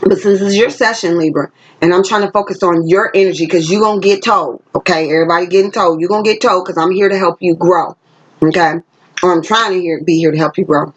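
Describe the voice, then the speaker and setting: A woman's voice: lowish voice, fast talker, lo-fi sound. A woman giving a casual, chatty tarot reading to her viewers, talking emphatically straight to the camera. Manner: chatty and emphatic, sings snippets of songs. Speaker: tarot reader. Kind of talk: casual spiritual reading vlog. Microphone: camera she set up herself.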